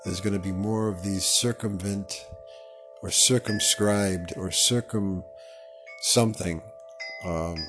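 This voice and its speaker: This is a man with a very deep voice, hosting a live radio meditation show. He talks slowly and wanders from one tangent to the next, often tripping over and rephrasing his own words. Soft music and wind chimes play faintly behind him. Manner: meandering and digressive, fumbles and corrects words. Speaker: radio host. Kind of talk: rambling meditation monologue.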